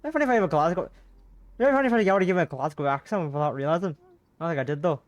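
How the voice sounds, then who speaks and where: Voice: mid-range voice, lively intonation, racing, no room sound, muffled recording. A streamer rambling and swearing casually during a visual novel playthrough.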